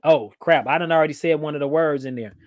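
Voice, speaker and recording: A playful man hosts a livestream, reading viewer comments aloud and laughing often in casual chat. His voice is fairly high and he talks fast, with no room sound.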